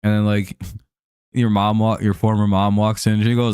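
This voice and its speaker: A man's voice: fairly low pitch, fairly even intonation, unhurried, darkish tone, clear, resonant tone, no room sound. A man hosting a live stream, chatting casually over a baseball game, laid-back and joking, with casual swearing.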